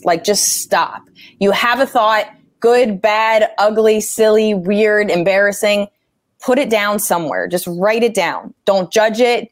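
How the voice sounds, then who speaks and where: A woman comedian talking casually about writing jokes, animated and swearing freely as she acts out angry quotes. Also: mid-range voice, no room sound, studio quality. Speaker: stand-up comedian. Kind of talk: casual interview talk.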